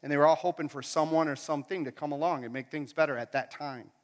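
A man's voice: on the high side, fairly even intonation, fast. A man preaching a casual, conversational sermon in a church hall, asking the crowd questions as he goes. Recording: long hall reverb.

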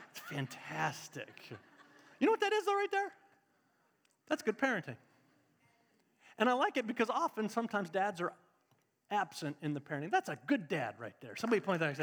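A male pastor with a high voice preaches a live sermon. He talks straight to the congregation and climbs to emphatic peaks. A long church-hall reverb trails after his words. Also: fairly bright tone.

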